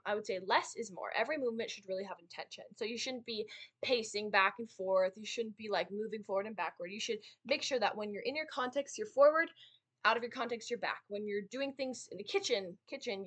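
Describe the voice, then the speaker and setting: A young woman explains performance technique in a casual lesson. She talks fast and chattily, with plenty of fillers and tag questions. Her voice is bright and forward. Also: fairly high pitch, animated. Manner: chatty, many fillers and "right?" tags. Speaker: speech and debate student teaching.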